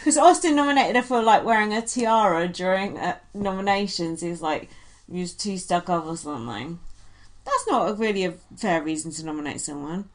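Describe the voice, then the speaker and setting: A woman's voice: lowish voice, a little fast. A woman co-hosting a casual chat, animatedly retelling reality TV moments and slipping into quoted voices. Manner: chatty, animated retelling with frequent quoted impressions. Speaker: podcast co-host.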